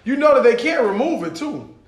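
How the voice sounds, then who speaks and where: A man's voice: very high voice, sing-song, brisk. A young man co-hosting a podcast, chatting loosely with lots of cursing and laughter. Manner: loose, profane, laughing banter. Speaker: podcast co-host. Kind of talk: casual chat. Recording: echoey room.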